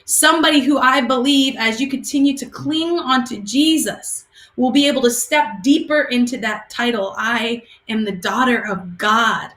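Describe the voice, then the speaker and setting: A woman's voice: fairly high pitch, normal speed, fairly bright tone, reverberant. A woman youth ministry leader giving a heartfelt, affectionate blessing to a graduating student, at times near tears. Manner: emotional, affectionate, tearful at times.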